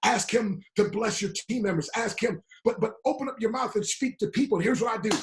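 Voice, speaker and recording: A man's voice: sits high, brisk. A man giving a fiery motivational talk in a preaching style, quoting scripture and repeating lines with emphasis. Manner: emphatic, repetitive, quotes scripture, frequent "my friend". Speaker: motivational speaker.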